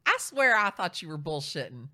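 A middle-aged woman in casual chat, telling a story with lively, acted-out quotes. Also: deep voice, moderate pace. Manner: animated storyteller, acts out quoted voices. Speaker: real estate agent.

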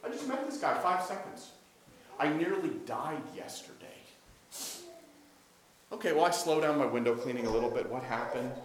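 This preacher talks fast in a mid-range, animated voice, barely pausing as he delivers a conversational sermon. He tells stories, acts out dialogue and puts questions to his listeners. The room is echoey, with faint background noise.

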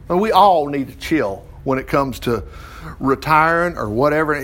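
A man preaching a folksy sermon, reading scripture aloud and acting out little dialogues with jokes and laughs. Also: fairly high pitch. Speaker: pastor.

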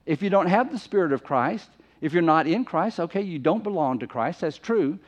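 A man's voice: on the high side, expressive, moderate pace. A man preaching a sermon in an emphatic, conversational way, often repeating phrases for stress. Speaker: pastor. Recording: muffled lo-fi recording.

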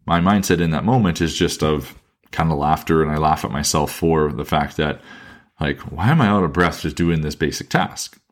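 A man with a very low voice speaks on his own podcast in his thirties. He sounds earnest and reflective, circling back over his phrases and slowing down to stress his points. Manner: earnest and thoughtful, repeats phrases and restarts, slows down to stress points. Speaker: podcast host, fitness coach. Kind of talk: reflective solo podcast monologue.

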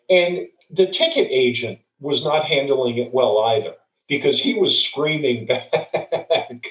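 A man's voice: fairly high pitch, animated, measured pace. A middle-aged man tells a story and gives advice in an earnest, conversational way, often restarting and repeating words. He sits well back from the microphone, so his voice sounds distant, with a roomy echo. The recording is dull and lo-fi. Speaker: guest speaker.

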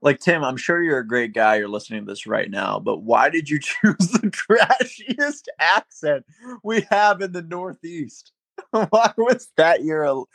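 A young man from Massachusetts chats casually on a podcast, laughing and cursing as he tells a story. His voice has a gravelly, creaky edge, and the sound is dry and close. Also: on the high side, sing-song, measured pace, a bit bright, no room sound. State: day drinking. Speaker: podcast co-host. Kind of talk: casual chat.

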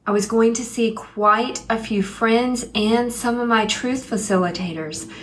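A middle-aged woman, a spiritual teacher, telling a personal story in an earnest way and slowing down to stress key points. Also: a little high, a bit bright.

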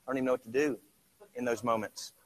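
A middle-aged man preaching a sermon in a conversational way, asking the congregation rhetorical questions, sometimes dropping to a hush and then rising loud. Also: medium pitch, fairly even intonation, fast. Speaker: pastor.

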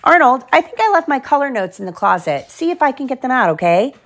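A mom doing a cheery rhyming science teacher. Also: female voice, high voice, sing-song, quick pace, fairly bright tone, voice pushed up, exaggerated voice. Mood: cheerful.

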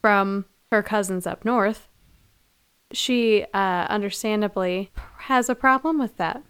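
Clear-voiced woman, chatty podcast talk. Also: mid-range voice, a bit bright. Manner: quick, chatty, laughs easily. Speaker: podcast co-host. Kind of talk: casual chat.

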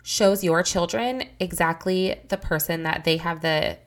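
A woman's voice: on the low side, a little slow. A woman in her thirties hosting a solo Christian parenting podcast, talking earnestly and heartfelt, often acting out conversations with her children. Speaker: podcast host.

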